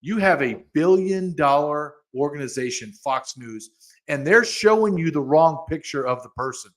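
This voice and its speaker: A man's voice: on the high side, expressive, moderate pace. A man hosting a podcast, ranting angrily in heated commentary, with frequent restarts and repeated words. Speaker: podcast host.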